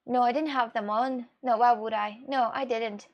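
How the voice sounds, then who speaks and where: A woman from Russia with a Russian accent, a streamer chatting casually as she answers viewer questions, rambling and expressive, often laughing and swearing. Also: a little high, normal speed, lo-fi sound.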